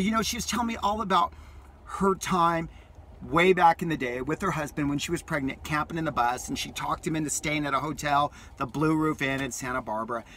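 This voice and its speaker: Man, bright voice, slightly high, casual rambling vlog, faint background hum. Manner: enthusiastic, rambling, repeats phrases. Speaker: vlogger. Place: parked vehicle.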